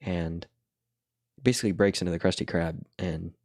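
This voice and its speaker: Very low-voiced man, dry close sound. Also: fairly even intonation, normal speed, darkish tone, no echo. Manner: rambling, laid-back storytelling with chuckles. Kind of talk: casual chat while drawing.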